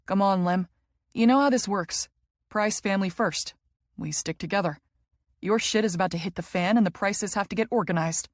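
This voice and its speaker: A joking, protective young brother in a romance audiobook, speaking in a dry, close voice at an ordinary middle pitch, as a woman narrator reads him. He teases in quick bursts of brotherly banter. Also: dry recording, close to an everyday voice. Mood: teasing. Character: teasing, protective young adult man, a twin brother.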